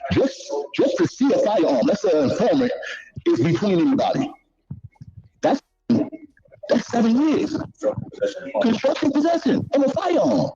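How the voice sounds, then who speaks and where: A man's voice: very high voice, sing-song, normal speed, long pauses, dark tone, husky. A man telling stories in a casual, swearing, repetitive street-talk manner. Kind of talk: casual storytelling. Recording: dull lo-fi clip audio.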